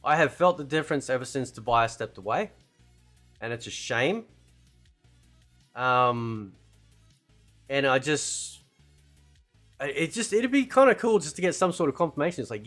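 A man's voice: mid-range voice, expressive, normal speed, long pauses, a bit bright, faint music behind. A man giving casual, rambling opinion commentary as a gaming channel host, often tagging "right?" and "man" onto his sentences.

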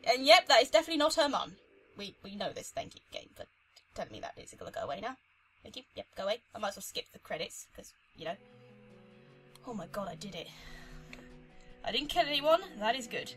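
A young woman commentating her own playthrough of a story game, chatty and excitable, talking to herself and the screen. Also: mid-range voice, fast talker, long pauses, faint music behind, rough recording. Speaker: let's play host. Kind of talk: gaming commentary.

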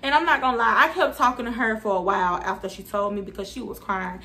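A young woman talks straight to camera in a high, bright voice. She tells her story time casually but dramatically, getting animated as she addresses her viewers. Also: fast talker. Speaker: YouTuber telling a story time.

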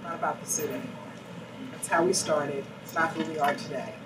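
A woman, a chief executive, answering questions in a live panel interview with animated storytelling. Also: low-pitched, fairly quick. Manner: animated storytelling, acts out quoted voices. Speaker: CEO interviewed on stage. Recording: echoey room, distant mic, noisy.

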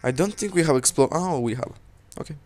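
A man's voice: fairly high pitch, animated, fairly quick, darkish tone. A young man giving rambling casual commentary while playing a game, talking to himself and swearing at enemies. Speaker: let's play host. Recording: faint game music behind.

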